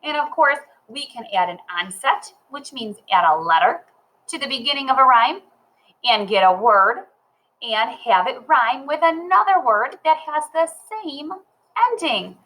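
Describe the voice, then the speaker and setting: A woman teaching a children's phonics lesson, cheerful and slow, talking straight to the child. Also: sits high, animated, pushed and bright, poor audio. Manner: cheerful, slow and sing-song, talks to the child. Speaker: reading teacher.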